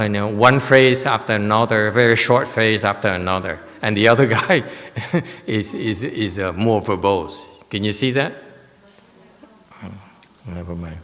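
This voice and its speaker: A male Buddhist master lectures on a sutra in a temple hall, teasing and blunt, frequently asking "okay?" to check in. He has a fairly low, fairly bright voice, and the recording carries a big-room sound.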